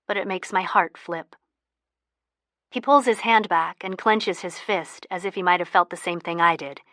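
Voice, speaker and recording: A woman narrating a first-person audiobook in a soft, intimate manner, close to the mic. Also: lowish voice, no echo.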